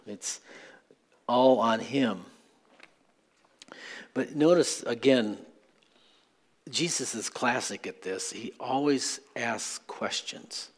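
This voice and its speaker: A man's voice: medium pitch, slow, long pauses. A man preaching a sermon as pastor, conversational and questioning, building to earnest appeals to the congregation. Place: church sanctuary.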